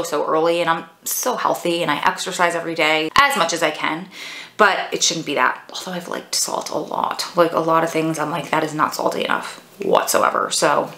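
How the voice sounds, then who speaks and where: A woman in her forties talks to her phone camera in a rambling, chatty way, a little breathless between phrases. Her voice is bright and sits on the low side. The room gives it a noticeable echo. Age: 40s. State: short of breath. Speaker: vlogger. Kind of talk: casual chat to camera. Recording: echoey room.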